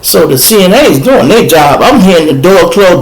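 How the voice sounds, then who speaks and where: A man with a Chicago accent, hosting a podcast and telling a profane, animated story to listeners in casual chat. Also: a little high, fairly quick, poor audio. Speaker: podcast host. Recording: faint background noise.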